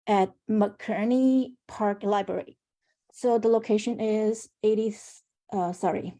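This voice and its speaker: A woman's voice: fairly high pitch, mellow. A woman on a remote call who works as a senator's staffer, reading out announcements at a community meeting with small restarts.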